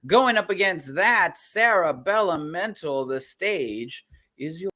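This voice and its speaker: A host running a virtual poetry slam over a video call, energetic and hyping up the audience. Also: medium pitch, takes it slowly. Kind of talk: live-stream hosting.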